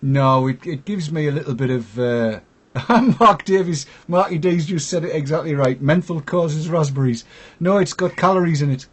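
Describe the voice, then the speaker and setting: A man's voice: fairly high pitch, moderate pace, slightly rough. A man hosting a casual online chat show, talking in a jokey, self-deprecating way. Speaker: host.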